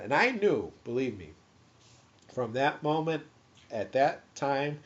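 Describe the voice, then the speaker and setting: Lively man telling his own story. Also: on the low side. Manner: animated storyteller, acts out his own stammering. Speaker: guest telling his testimony. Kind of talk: personal testimony storytelling. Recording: dull lo-fi recording.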